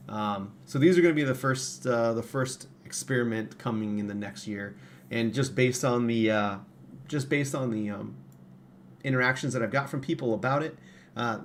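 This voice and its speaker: A man with a fairly low voice hosts his own livestream from a home studio at a desk mic. He rambles casually, stopping and restarting sentences with plenty of uh and um. A faint hum of ambience sits behind him. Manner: rambling, many fillers and restarts. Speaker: livestream host and parts maker.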